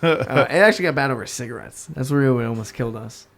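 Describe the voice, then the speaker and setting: A man's voice: medium pitch, quick pace, vocal fry. A young man from the New York area, a podcast guest telling a story in casual talk, swearing and acting out the people in it. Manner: animated, swearing, acts out voices in his stories.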